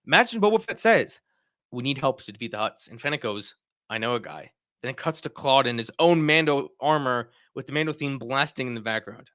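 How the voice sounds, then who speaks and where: A man's voice: fairly high pitch, big pitch swings, quick pace, fairly bright tone, no room sound, clean studio sound. A man hosting a casual livestream, chatting and reacting to viewer comments. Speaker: livestream host.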